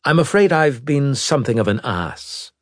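A man voicing a tall, haughty aristocratic earl with a lofty, formal manner, pitched well above his own deep, husky voice and louder. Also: big pitch swings, normal speed, no echo, clean studio sound, lightly acted. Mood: contrite.

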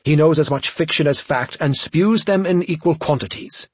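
A male narrator voicing a hot-tempered, scornful male advisor in an audiobook, speaking indignantly with a slightly husky tone. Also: mid-range voice, normal speed, no echo, pitched above the performer's own voice, lightly acted. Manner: indignant, raised voice.

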